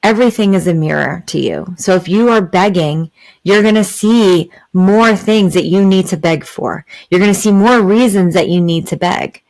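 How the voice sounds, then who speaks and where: A woman's voice: on the low side, moderate pace, a little mellow, poor audio. A woman hosting a spiritual podcast, talking in an earnest, explanatory way with many fillers and "right?" asides. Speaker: podcast host. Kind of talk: spiritual talk, reflective and explanatory.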